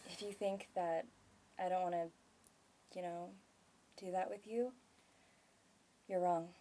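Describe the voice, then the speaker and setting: A woman's voice: fairly low pitch, fairly even intonation, takes it slowly, dark tone, slight background noise. An actress playing an earnest, guilt-ridden married mother who speaks hesitantly, in a stage scene. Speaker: actor in a scene.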